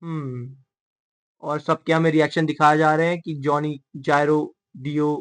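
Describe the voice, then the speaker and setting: A man hosting a manga readalong, commenting casually with rapid, joking asides. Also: fairly high pitch, level tone, a bit bright, smooth.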